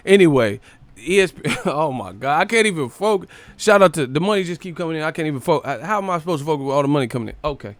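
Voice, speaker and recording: A man rants about boxing on a live stream, casual and full of swearing. His voice sits a little high for a man. The sound is dry and close to the mic. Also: fast, no room sound. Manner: profane, ranting, animated.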